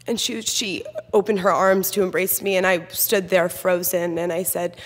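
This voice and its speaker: A woman in her twenties tells a candid personal story to an audience, nervous and full of "um" fillers. Her voice sits a little low for a woman. A long reverb from a large hall trails after each phrase. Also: steady tone, moderate pace, few pauses. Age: 20s. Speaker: student speaker.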